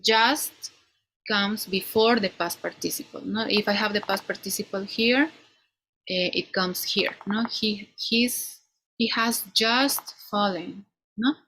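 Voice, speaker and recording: A woman teaching an English grammar class, explaining slowly and ending many points with "no?". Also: mid-range voice, bright, forceful tone, slight background noise, low-quality recording. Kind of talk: online class lecture.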